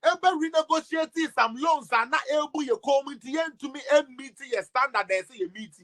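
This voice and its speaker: A man with a Ghanaian accent delivering a mocking, sarcastic political rant, swinging between loud outbursts and low mutters. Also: moderate pace. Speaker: political commentator.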